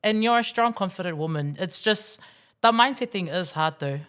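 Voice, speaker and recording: A woman in her thirties from Tonga, a guest chatting casually on a podcast, bubbly and quick to joke and laugh. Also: medium pitch, lively intonation, a bit bright, clean tone. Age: 30s. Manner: bubbly, laughs often, jokey asides. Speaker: guest, radio presenter.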